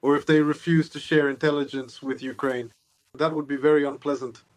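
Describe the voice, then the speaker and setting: A man's voice: fairly high pitch, steady tone, brisk, no room sound. A man giving political analysis as an interview guest, sardonic and expansive.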